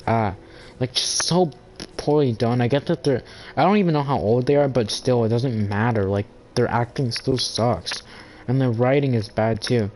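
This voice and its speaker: A man rants on his own channel, talking at a middle pitch. He rambles, swears often and keeps restarting his sentences, so the talk feels loose and offhand. Faint noise sits under the voice. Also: moderate pace, a little mellow, poor audio. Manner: rambling, profane, full of "like" and restarts. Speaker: gaming channel host. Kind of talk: casual ranting monologue.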